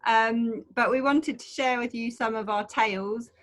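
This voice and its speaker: A woman's voice: a little high, measured pace, a bit bright. A woman co-hosting an online adventure talk over a video call, chatty and rambling, with frequent fillers.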